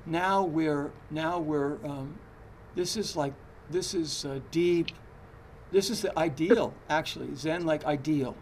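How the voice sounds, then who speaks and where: A man's voice: a little high, takes it slowly, slight background noise. A man giving a Zen dharma talk in a conversational, hesitant way, with frequent fillers and restarts. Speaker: Zen teacher.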